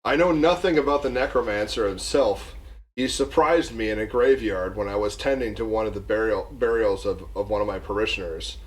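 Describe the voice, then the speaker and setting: A man narrating as game master in a tabletop game, halting and correcting himself as he goes. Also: on the low side, poor audio.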